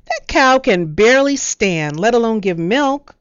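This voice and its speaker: A woman's voice: on the high side, animated, unhurried, clean tone, no room sound, muffled recording, pitched above the performer's own voice. A woman reading a storybook, voicing a mocking, condescending male merchant. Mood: scornful. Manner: sneering, condescending.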